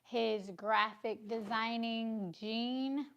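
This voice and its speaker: A woman, casually co-hosting a business livestream, brisk and teasing, with a sore throat. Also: a little high, fairly even intonation, dull audio, a little hiss or hum.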